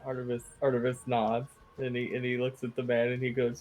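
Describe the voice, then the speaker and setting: A man's voice: medium pitch, completely flat delivery, a little fast, hardly any pauses, a little mellow, faint music behind. A man playing a tabletop game, describing his character's actions in rambling, filler-heavy talk. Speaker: player. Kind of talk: casual tabletop play.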